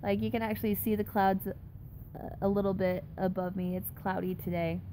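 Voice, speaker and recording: A young woman on a casual live stream, chatty and giggly as she reacts to her viewers' comments. Her voice sits at an ordinary pitch, and a faint low rumble runs underneath the whole recording. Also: level tone, a little fast, dark tone. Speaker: live streamer reading chat. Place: home in a dry desert city.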